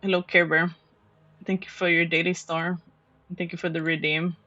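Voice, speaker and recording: A man's voice: fairly high pitch, level tone, fairly quick, bright, forceful tone, no echo, muffled recording. A male streamer chatting casually and playfully with viewers on a close microphone. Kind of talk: casual live-stream chat.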